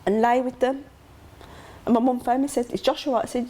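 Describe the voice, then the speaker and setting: A woman's voice: steady tone, quick pace, darkish tone, slight background noise. Woman speaking candidly and emotionally. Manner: emotional, acts out quoted dialogue with sudden high gasps. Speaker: interview guest, grieving mother.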